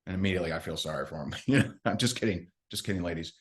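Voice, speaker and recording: A man's voice: deep voice, very fast. A man giving a recruiting training talk, telling stories in a chatty, self-mocking way and acting out what people said. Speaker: network marketing trainer.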